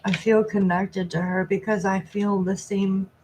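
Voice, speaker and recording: A woman tarot reader on a live stream, talking softly and reflectively as she passes on messages from a spirit. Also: medium pitch, level tone, a little slow. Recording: noisy recording with clicks.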